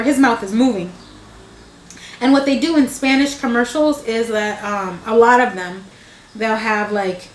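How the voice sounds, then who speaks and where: A woman's voice: on the high side, roomy sound, a little hiss or hum. A woman casually telling a family story, meandering and restarting her sentences, with an amused tone. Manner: meandering, self-interrupting, amused.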